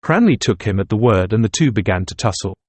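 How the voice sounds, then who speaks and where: Husky low-voiced male narrator. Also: lively intonation, darkish tone, no room sound. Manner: measured, literary reading. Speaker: audiobook narrator. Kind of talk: scripted narration.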